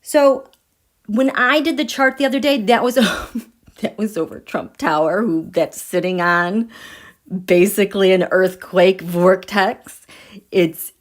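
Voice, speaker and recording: Excitable woman astrology livestream host. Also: medium pitch, slow pace. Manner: excitable, gushing, drops to breathy whispers for emphasis; checks in with viewers and reads their comments. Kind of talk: live-streamed chat with viewers.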